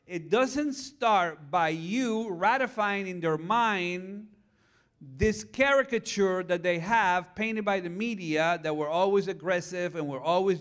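A middle-aged male pastor giving a lively conference talk, chatting with the audience and asking them questions. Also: high-pitched. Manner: animated, conversational, asks the audience questions.

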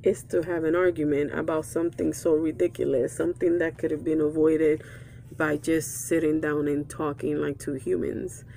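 Woman vlogger, gravelly, earnest confessional talk, faint music under. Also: deep voice, flat delivery, moderate pace, warm tone. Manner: earnest, reflective, frequent restarts and fillers. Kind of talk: candid personal talk.

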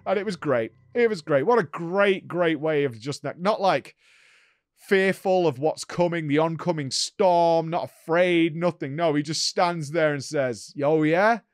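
A man hosts a gaming show and talks through a game he has just played. He is chatty and enthusiastic and tends to ramble. His voice sits on the higher side. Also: a little slow, no room sound, clean studio sound. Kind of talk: casual game recap.

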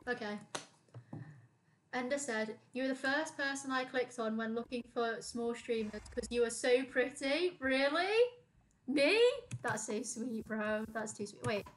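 Young woman streamer, bright chatty delivery, higher pitch. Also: little pitch movement, measured pace, a little hiss or hum. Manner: chatty, reads chat aloud, giggly. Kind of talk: casual gaming stream chat.

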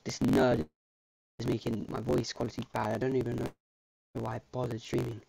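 A man's voice: mid-range voice, flat delivery, normal speed, gravelly, warm tone. A man chatting casually on a game livestream, rambling and restarting his sentences, with the odd casual swear word. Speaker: streamer.

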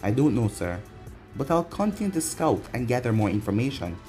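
A man's voice: mid-range voice, big pitch swings, fairly quick, dark tone, natural voice. A dutiful male scout, voiced by a man, reports in a formal, respectful manner, in a plain middle-range voice. Faint music sits under this fan audio story.

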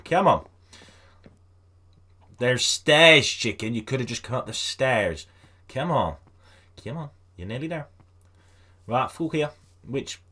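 In this let's-play, a male gaming host chats casually with his audience and urges animals along in a high, sing-song voice. His tone is a bit bright and husky.

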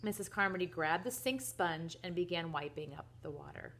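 Woman reading a children's book aloud, soft and gentle, low-pitched, quiet. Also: normal speed. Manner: soft and gentle, at times half-whispered. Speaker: reader to children.

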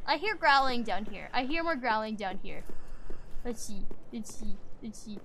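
Animated high-voiced woman streamer. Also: moderate pace, slight background noise. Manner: exasperated, loud outbursts, playful menace. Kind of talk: live gameplay streaming.

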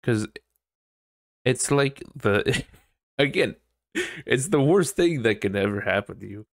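A man hosting a casual solo podcast, rambling and swearing with sudden animated outbursts. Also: medium pitch, takes it slowly, vocal fry, dry recording, clean studio sound. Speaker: podcast host.

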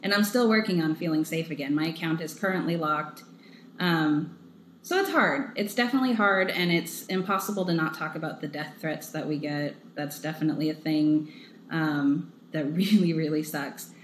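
A low-voiced woman talks earnestly and openly, filling her thoughts with "like" and "um." The sound is echoey, with a light hiss underneath. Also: moderate pace. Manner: earnest, personal, uses "like" often. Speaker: foundation staff member. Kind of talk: candid interview answers. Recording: echoey room with faint hiss.

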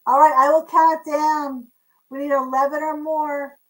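A woman's voice: high voice, flat delivery, moderate pace, low-quality recording. A woman hosting a live online auction in a chatty, casual way, describing items and counting down bids. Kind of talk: casual live-stream selling.

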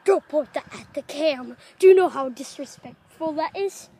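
Playful child co-host, high-pitched, recorded rough and noisy outdoors on an iPod. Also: moderate pace, mellow. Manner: playful and teasing. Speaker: vlog co-host. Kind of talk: casual goofy vlog chat. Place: outdoors among trees. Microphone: iPod camera held by a friend.

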